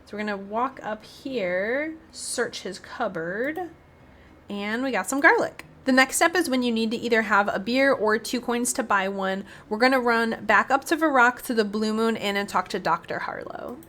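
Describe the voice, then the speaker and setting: A woman's voice: a little high, animated, moderate pace, sharp tone. A woman hosting a gaming video, chatting casually to her viewers as she plays. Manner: chatty, addresses viewers directly. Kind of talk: casual gameplay commentary.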